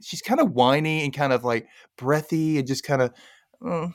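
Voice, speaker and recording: A podcast host with a fairly high voice recaps a TV episode in casual chat at a moderate pace. He laughs often and mimics the characters in silly voices. The recording is dry, with clean studio sound.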